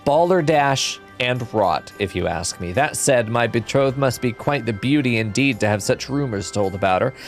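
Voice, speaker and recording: A man's voice: mid-range voice, expressive, normal speed, hardly any pauses, faint music behind, natural voice. A man doing a vain British nobleman. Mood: haughty. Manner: haughty, drawling. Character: arrogant young male nobleman, vain.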